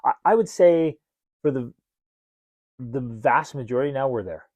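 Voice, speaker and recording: A middle-aged man in casual podcast conversation, lively and expressive, slipping into quoted voices as he explains. His voice sits at a middle pitch and sounds close and dry, with no room around it. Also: normal speed, dry recording. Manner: animated, acts out quoted dialogue. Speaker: podcast co-host. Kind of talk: casual parenting podcast chat.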